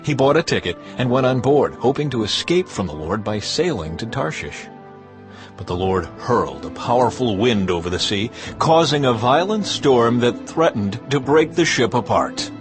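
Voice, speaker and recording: Male voice, scripted audio-drama narrator, lively intonation, music bed. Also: mid-range voice. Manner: dramatic, measured storytelling.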